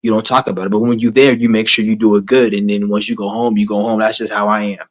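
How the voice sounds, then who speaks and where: A man's voice: on the low side, little pitch movement, fast, rough recording. A man ranting to his camera in a blunt, rambling, heavily profane way, repeating himself as he goes. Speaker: vlogger.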